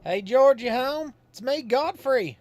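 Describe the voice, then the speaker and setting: A man's voice: extremely high pitch, animated, measured pace, dry recording, pitched above the performer's own voice. A man voicing old Godfrey, a simple, folksy rural man from a video game who talks in a homespun country dialect. He reads the game's dialogue aloud and spins it out like a story. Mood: folksy, chatty.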